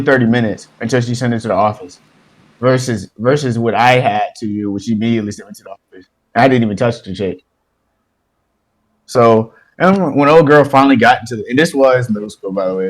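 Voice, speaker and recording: A young man co-hosts a relaxed podcast chat. He tells stories with lots of swearing and bursts of laughter. His voice sits at an ordinary middle pitch. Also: poor audio. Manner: animated, swearing, laughs mid-story. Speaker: podcast co-host. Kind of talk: casual storytelling chat.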